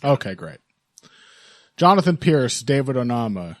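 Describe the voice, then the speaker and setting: A man's voice: mid-range voice, big pitch swings, a little slow, dry recording. A man co-hosting a combat sports podcast in casual chat, wry and laughing often, with plenty of fillers. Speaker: podcast co-host.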